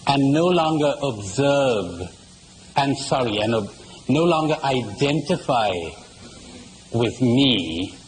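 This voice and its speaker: A man delivers a spiritual lecture, his pitch rising and falling widely as he poses rhetorical questions and tells jokes. He speaks at an unhurried, deliberate pace. A faint hiss of background noise runs under the recording. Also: rough recording. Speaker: retreat speaker. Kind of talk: spiritual lecture to a live audience.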